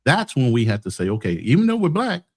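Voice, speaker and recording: A man's voice: mid-range voice, huge pitch swings, fast. An American man hosting a heated casual debate, blunt and profane, talking over others. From United States.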